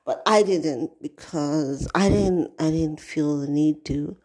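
Slow, low-voiced woman telling a story. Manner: expressive, swears freely, dramatic asides. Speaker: podcast host. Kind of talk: casual storytelling monologue.

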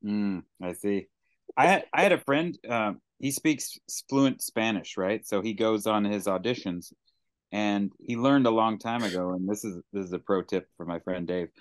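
A man's voice: fairly low pitch, moderate pace, no room sound. A male podcast host in casual, jokey conversation. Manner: jokey, laughs easily. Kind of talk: casual chat.

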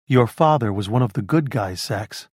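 A man voicing a dry, cerebral middle-aged male criminologist who explains things in a measured way in an audiobook. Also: medium pitch, lively intonation, darkish tone, breathy edge, no room sound. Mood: explaining. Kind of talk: audiobook character voice.

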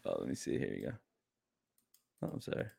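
A young man with a rumbling low voice, creaky, mellow, and husky with huge pitch swings, co-hosts a podcast at a brisk pace. He jokes, rambles through asides, and laughs often in casual banter. The audio comes from a desk mic while he shares his screen.

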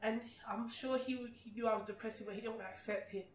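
Woman, podcast guest, outspoken, animated storytelling, echoey room. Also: on the high side, a little fast. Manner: outspoken, animated, acts out remembered exchanges. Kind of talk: emotional personal storytelling. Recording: roomy sound from a distant mic.

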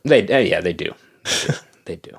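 A man's voice: low voice, lively intonation, normal speed, slightly rough. A man in casual chat about a video game, laughing often and swearing freely.

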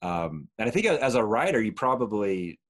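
Chatty man telling a story, low voice. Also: sing-song, a little fast. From Utah. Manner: rambling, laughs often, many fillers. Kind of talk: casual storytelling chat.

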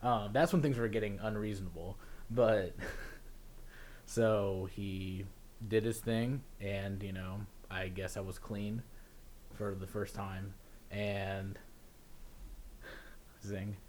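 A young man telling a story in casual chat, laughing often and mimicking officials in a lower, quieter voice. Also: fairly even intonation, slow, long pauses, slight background noise.

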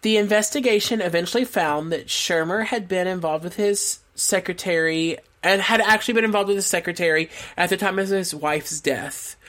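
A woman's voice: lowish voice, normal speed, few pauses. A woman co-hosting a podcast, telling a true crime case in casual chat, laughing and adding asides as she goes. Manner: laughs often, relaxed storytelling with asides.

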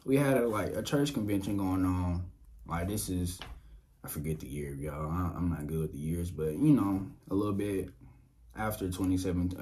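A young podcast host from Louisiana shares a casual personal testimony, speaking directly to his listeners in an animated way and laughing often. His voice is low-pitched, picked up by a dynamic mic on a boom arm.

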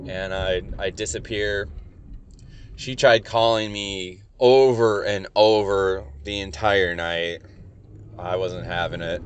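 A man's voice: lowish voice, slight background noise. A young man telling a rambling, profane story in a casual, wry way from inside a car. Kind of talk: casual anecdote.

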